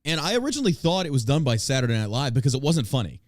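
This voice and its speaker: A man's voice: mid-range voice, very animated, rapid-fire, no room sound, clean studio sound. A man hosting a podcast in casual chat, blunt and opinionated, with crude banter. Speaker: podcast host.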